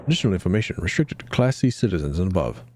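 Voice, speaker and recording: A man voicing a failing ancient city computer in a flat, clipped report readout. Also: deep voice, rapid-fire, voice pushed down. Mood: clipped, mechanical.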